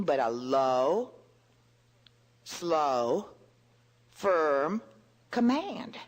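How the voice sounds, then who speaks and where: An older woman giving an earnest, gentle devotional talk to women, often repeating words as she searches for the next one. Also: deep voice, breathy edge. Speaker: women's Bible teacher.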